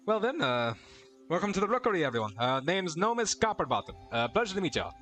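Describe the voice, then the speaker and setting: A man's voice: high-pitched, very animated, fast, fairly bright tone, soft background music, pitched above the performer's own voice. A man voicing a short, whimsical male tavern keeper who hesitates constantly and calls people "lad", in a failed attempt at an Irish accent. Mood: flustered.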